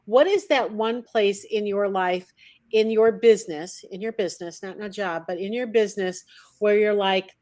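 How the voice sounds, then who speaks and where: A woman's voice: medium pitch, normal speed, a little mellow. A woman hosting a casual podcast interview, friendly and conversational, often checking in with "right?". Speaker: podcast host.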